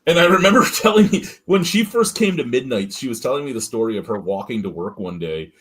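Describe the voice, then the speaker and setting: A man's voice: mid-range voice, animated, fast talker, a bit bright, slightly rough. A man hosting a casual podcast chat, telling profane, laughing stories about old coworkers. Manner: storytelling with profane, laughing asides. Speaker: podcast host.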